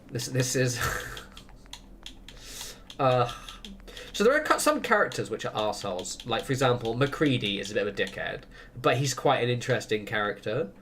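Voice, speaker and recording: A man's voice: on the low side, creaky, fairly bright tone, a little hiss or hum. A man chatting casually while streaming a game, rambling through opinionated tangents and laughing often. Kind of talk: casual chat while gaming.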